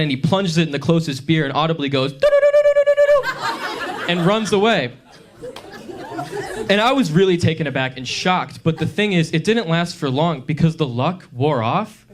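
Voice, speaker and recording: On a club stage, a young man in his twenties with a somewhat high voice performs stand-up, telling stories and pausing before each punchline.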